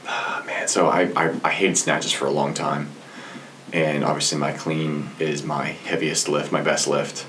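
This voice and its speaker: A man's voice: extremely low pitch, unhurried, slight background noise. A man who works as a fitness coach, telling gym stories in casual, profane podcast chat. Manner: profane, animated storyteller. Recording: roomy with faint ambience.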